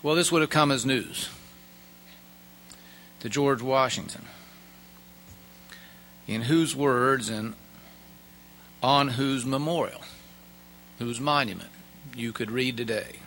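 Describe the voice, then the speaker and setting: Man giving a measured, emphatic speech. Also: medium pitch, a bit bright, slight background noise, rough recording. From United States. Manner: measured, emphatic oratory with pauses. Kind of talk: formal speech at a prayer breakfast.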